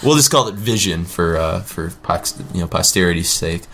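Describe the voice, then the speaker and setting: A man's voice: low voice, expressive, moderate pace, fairly bright tone, a little hiss or hum. A man hosting a casual music talk show, rambling and correcting himself with wry asides. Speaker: podcast host; teacher.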